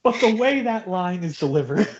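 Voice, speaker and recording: A man's voice: high-pitched, moderate pace, over a noisy crowd. A man co-hosting a podcast, ranting casually and profanely about a movie. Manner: animated ranting with impressions. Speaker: podcast co-host. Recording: dull lo-fi podcast audio.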